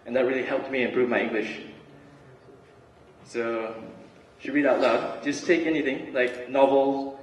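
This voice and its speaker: A young man giving a relaxed, chatty student talk with lots of fillers and restarts. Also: medium pitch, moderate pace. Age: young adult. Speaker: student speaker. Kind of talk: casual student talk and spoken word. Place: large hall. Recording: roomy hall recording from far off.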